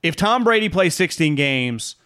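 A man co-hosting a casual sports betting chat, his slightly high voice swinging widely up and down as he rambles. He swears freely and laughs often, talking loosely and excitedly. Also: unhurried, clear, resonant tone. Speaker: sports betting podcast co-host.

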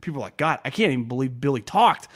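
A man co-hosting a casual sports podcast, talking in an animated way and acting out players' quotes. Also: mid-range voice, fast talker, husky. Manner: animated, quotes players in mock voices, many restarts.

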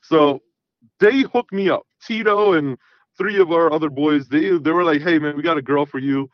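Man, thirties, rambling storyteller, fairly high voice, dry lo-fi sound. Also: normal speed, no room sound. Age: 30s. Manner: rambling, repeats "you know what I mean". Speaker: guest. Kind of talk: casual storytelling.

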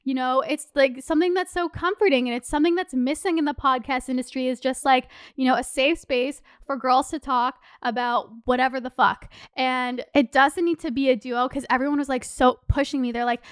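A woman's voice: high voice, steady tone, fairly quick, hardly any pauses, clean tone, dry recording, studio quality. A young woman in her twenties hosting a solo podcast, talking casually and passionately, with lots of "like" and casual swearing. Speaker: podcast host.

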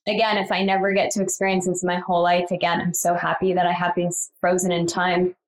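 A woman in her thirties telling her birth story in casual conversation, full of fillers and lively quoted lines. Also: a little fast, rough recording. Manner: animated, acts out quoted lines with higher pitch, frequent fillers.

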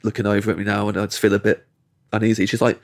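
English man telling a lively anecdote. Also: on the low side, very fast, vocal fry. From England. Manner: animated, acts out quoted voices, laughs mid-sentence. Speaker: podcast guest, comedian. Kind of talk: storytelling anecdote.

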